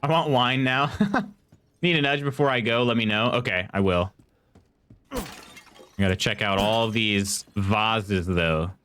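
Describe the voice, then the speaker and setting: A man's voice: lowish voice, a little slow, long pauses, fairly bright tone, clear, resonant tone. Chatty male game streamer. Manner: chatty, reads chat aloud and muses while playing; reads in-game text aloud. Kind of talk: casual live gameplay commentary.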